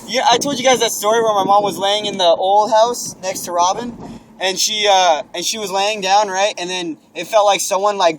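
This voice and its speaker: Brief: young man, high voice, lively storyteller, wind noise on the mic. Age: young adult. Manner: animated storytelling, swearing, acting out his own yells. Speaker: friend telling a story. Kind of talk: casual chat.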